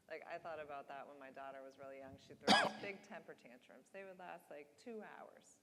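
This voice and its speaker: A woman on a discussion panel thinking out loud in a reflective way. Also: low voice, quick pace, hardly any pauses, slight background noise. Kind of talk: casual discussion. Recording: reverberant hall.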